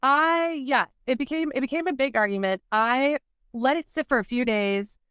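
A woman with a fairly high, smooth and resonant voice recounts her story candidly as a podcast guest. Her talk is loose and chatty, full of "like", and she slips into the voices of people she quotes. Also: moderate pace, fairly bright tone, dry recording, studio quality. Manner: candid, fills speech with "like", acts out past quotes. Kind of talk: conversational storytelling.

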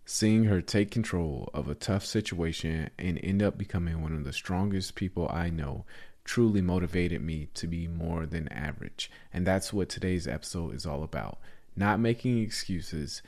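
Low-voiced earnest podcast host, man. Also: moderate pace, darkish tone. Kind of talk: scripted podcast intro.

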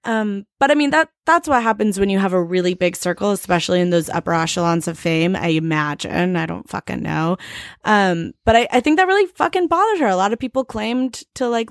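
A woman's voice: medium pitch, lively intonation, brisk, dry recording, studio quality. A woman co-hosting a podcast in casual chat, talkative, swearing casually and laughing often. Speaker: podcast co-host.

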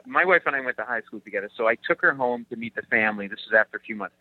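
A man, a comedian guest, telling comic stories in an animated way and acting out the people in them. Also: mid-range voice, very fast, dry recording, narrow, tinny audio. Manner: animated storyteller, acts out quotes, laughs often. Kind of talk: comic storytelling.

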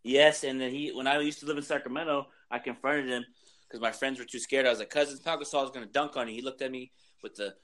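A man's voice: medium pitch, fairly even intonation, fast, fairly bright tone. A man hosting a podcast in casual sports chat, telling stories animatedly and acting out the other side of quoted exchanges. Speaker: podcast host.

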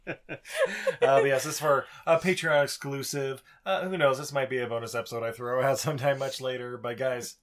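A man's voice: mid-range voice, fairly quick. A man co-hosting a podcast, chatting casually and laughing often. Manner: laughing, animated banter. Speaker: podcast co-host. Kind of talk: casual chat.

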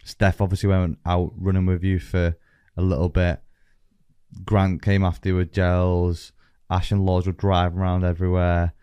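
Deep, flat-voiced man hosting. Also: normal speed, clean tone, no echo. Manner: earnest, reflective, swears casually. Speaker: podcast host. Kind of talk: casual podcast chat.

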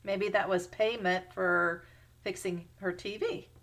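A woman's voice: medium pitch, steady tone, slow pace, gravelly, fairly bright tone. A woman co-hosting a podcast, chiming in with short reactions and agreements. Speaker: podcast co-host. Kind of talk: casual chat.

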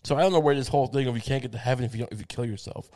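A man tears through a comedic monologue at a racing pace, swearing freely and looping back on himself with stammered restarts. His voice is middling in pitch and a little mellow, and his tone stays sardonic and loose instead of polished.

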